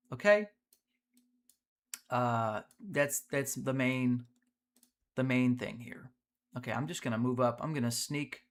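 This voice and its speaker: A man hosting a live gameplay stream, energetic and chatty, talking to his viewers as he plays. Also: mid-range voice. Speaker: streamer, host.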